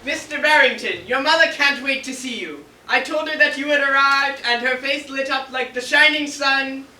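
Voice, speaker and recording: A man's voice: very high-pitched, normal speed, bright, forceful tone, exaggerated voice. A man acting a timid butler role in a stage comedy, recorded far off in an echoey hall. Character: timid male actor playing a butler. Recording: echoey stage from a distant mic, faint hiss.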